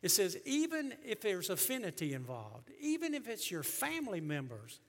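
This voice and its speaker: High-pitched emphatic preaching man. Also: wildly swooping pitch, normal speed, creaky, hardly any pauses. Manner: emphatic, rising to near-shouts then dropping low. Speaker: pastor. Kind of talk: sermon. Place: church sanctuary. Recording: long reverb of a church hall.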